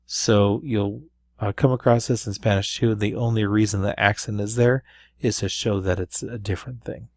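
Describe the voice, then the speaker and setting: Low-voiced man teaching a language review. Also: fairly even intonation, normal speed, a little mellow, no room sound. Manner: explanatory, patient, with fillers and frequent "right?". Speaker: Spanish teacher. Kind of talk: recorded classroom review lesson.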